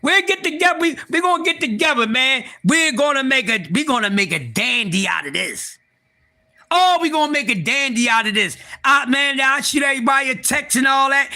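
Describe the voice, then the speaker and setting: A man hosting a casual livestream, excitable and profane, talking straight to his viewers and often repeating and restarting. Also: extremely high pitch, brisk. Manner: excitable, profane, talks to chat. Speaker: livestream host.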